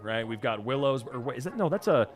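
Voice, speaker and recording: Animated, sarcastic man streamer. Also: mid-range voice, quick pace. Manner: animated, profane, sarcastic rants. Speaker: VTuber streamer reacting to posts. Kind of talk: casual reaction commentary.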